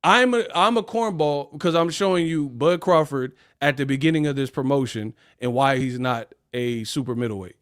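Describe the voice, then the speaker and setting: A man's voice: mid-range voice, moderate pace, few pauses. A man hosting a casual livestream rant, talking in slang and laughing off his critics in a mocking, dismissive way. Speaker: livestream host.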